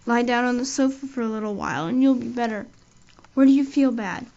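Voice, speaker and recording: A woman's voice: on the high side, a little fast, dark tone, natural voice. Anne, a woman doing a dramatic chatty girl. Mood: pleading. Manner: breathless, dramatic storytelling. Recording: dull lo-fi audio.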